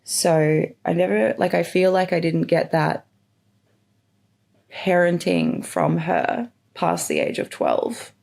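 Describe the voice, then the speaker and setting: A young woman hosting a podcast tells her life story candidly in a personal monologue, rambling openly and using lots of fillers. Her voice is fairly low, gravelly, and darkish, with lively intonation and a slow pace.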